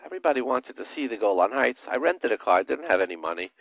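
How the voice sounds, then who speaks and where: A man's voice: medium pitch, big pitch swings, fast talker, gravelly, no echo. A middle-aged man, a rabbi, telling a story in a sermon and chanting Hebrew verses, sprinkling in Yiddish words. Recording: dry, tinny phone-line radio audio.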